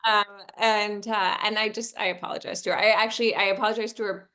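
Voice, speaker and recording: A woman's voice: medium pitch, little pitch movement, quick pace, pushed and bright. A woman co-hosting a casual podcast, a yoga studio owner who talks candidly and mocks herself, swearing freely with many ums.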